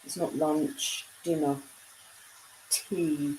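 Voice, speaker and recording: A woman's voice: lowish voice, unhurried, poor audio. A woman, casually chatting on a live stream and reading out the chat. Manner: chatty, reads and answers chat.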